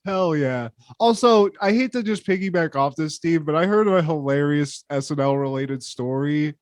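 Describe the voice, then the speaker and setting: A man's voice: on the high side, normal speed, no echo, studio quality. A man co-hosting a casual podcast chat, crude and jokey, laughing often. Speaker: podcast co-host.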